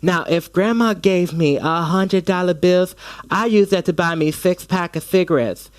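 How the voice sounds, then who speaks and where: A man's voice: sits high, normal speed, no room sound, pitched above the performer's own voice, close to an everyday voice. A man voicing a brassy, gossiping drag-queen dame with a Southern American accent, sassy and scornful. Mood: catty.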